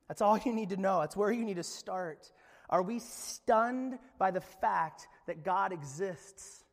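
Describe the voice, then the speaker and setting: A young adult male pastor preaching a sermon in an animated, dramatic way with playful asides. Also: high voice, moderate pace, vocal fry, in a large hall.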